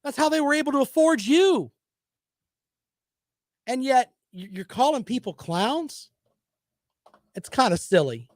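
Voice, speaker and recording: High-voiced sarcastic sports-talk man. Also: expressive, a little slow, pauses often, no echo, clean studio sound. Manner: sarcastic, combative, rambling. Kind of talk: opinionated sports commentary.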